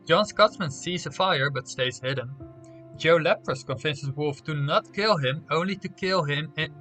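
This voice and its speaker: A man's voice: a little high, moderate pace, pushed and bright, soft background music. A young man streaming live, reading out game results and talking playfully to his viewers. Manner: playful, talks straight to viewers.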